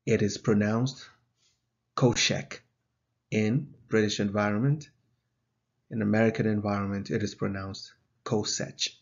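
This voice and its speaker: A man teaching a video lesson, explaining in a measured way with an occasional filler, on a dull lo-fi recording. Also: on the low side, flat delivery, darkish tone. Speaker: math teacher.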